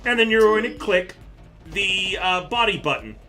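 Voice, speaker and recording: A man running a tabletop game on a live stream as game master, animated and often breaking into laughter as he explains rules. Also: sits high, moderate pace, faint music behind.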